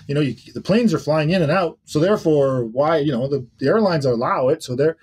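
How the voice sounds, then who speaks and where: A man's voice: on the high side, expressive, fairly quick, few pauses, a little mellow, breathy edge. A man co-hosting a current-events podcast in casual, rambling chat. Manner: conversational, rambling with restarts and asides. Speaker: podcast co-host.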